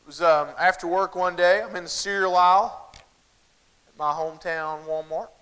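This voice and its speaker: The speaker is a Southern American man giving a lively, humorous keynote and talking straight to a large conference crowd in a folksy way. His high voice has a clear, resonant tone and moves at a moderate pace, despite a rough recording.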